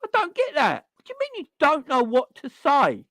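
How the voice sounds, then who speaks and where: Fan-channel host, male, exasperated rant, very lively pitch swings, dry close sound. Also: moderate pace, no room sound. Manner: exasperated, repeats rhetorical questions.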